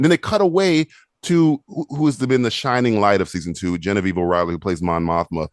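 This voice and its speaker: A man's voice: a little fast, dry recording, clean studio sound. A man co-hosting a podcast, ranting in casual chat with lots of swearing and mocking put-on voices. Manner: animated, profane, mocking with squeaky put-on voices. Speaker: podcast co-host.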